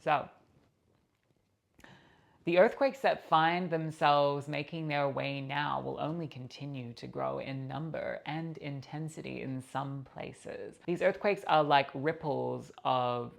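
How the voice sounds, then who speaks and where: A man's voice: a little high, takes it slowly, creaky. A man voicing an enthusiastic female Atlantean spirit guide, speaking with a put-on accent in an earnest, expansive, preachy way. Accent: unplaced put-on accent. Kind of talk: channelled spirit message.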